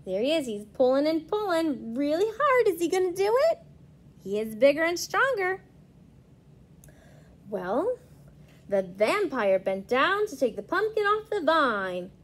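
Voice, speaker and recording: A woman reading a picture book aloud to young children as a preschool teacher, asking them questions as she goes. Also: high voice. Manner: slow, lively storytelling, asking children questions.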